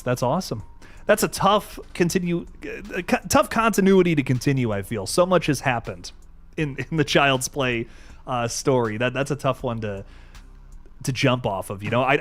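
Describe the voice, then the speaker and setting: A man's voice: mid-range voice, expressive, brisk, soft background music. Casual swearing man streaming horror chat. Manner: laid-back, swears often, many restarts.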